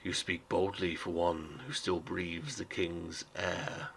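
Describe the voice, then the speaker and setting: A man voicing a robed male council official who speaks smoothly and firmly with authority. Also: sits low, level tone, slow, a bit bright, slight background noise, heavily acted. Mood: cold, firm. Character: stern male council official in crimson robes.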